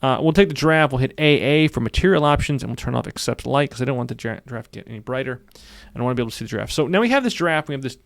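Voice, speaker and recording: A man walks through a software tutorial at a brisk clip, his voice gravelly. He is upbeat and says many lines twice as he clicks along. The sound is dry and close, with no room around it. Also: mid-range voice, animated, no echo. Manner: upbeat, repeats phrases while narrating clicks. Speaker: software instructor. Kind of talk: screen-recorded tutorial.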